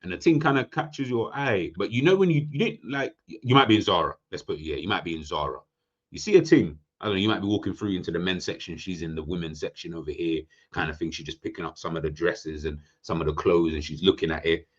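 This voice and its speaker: Slangy, low-voiced man. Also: fast talker, breathy edge, muffled recording. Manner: animated, slangy, joking, rambling with restarts. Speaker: football pundit. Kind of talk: casual football roundup commentary.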